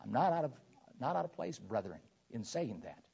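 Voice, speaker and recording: A man's voice: medium pitch, big pitch swings, moderate pace, gravelly, darkish tone, slightly rough. A man preaching a sermon to his congregation, reading scripture aloud and explaining it verse by verse. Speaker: pastor. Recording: dull lo-fi sermon recording.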